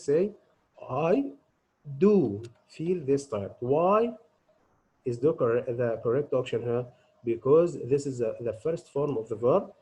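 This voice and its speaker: A man teaching an English grammar lesson. He talks deliberately, asks his students questions and answers them himself. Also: mid-range voice, dark tone, breathy edge, poor audio.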